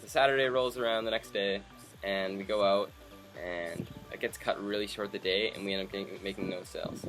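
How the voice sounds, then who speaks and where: Young man, from Canada, low voice, animated storytelling, faint background music. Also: fairly quick. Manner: animated, acts out quoted people. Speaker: vlogger. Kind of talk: casual storytelling to camera.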